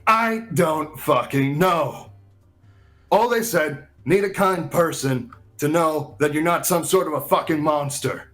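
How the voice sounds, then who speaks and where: A man's voice: fairly high pitch, a little slow, a bit bright, faint music behind. A man voicing a blunt, profane, ambitious male guard in a tabletop game, in his own everyday voice. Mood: gruff. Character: curt, foul-mouthed ambitious male guard.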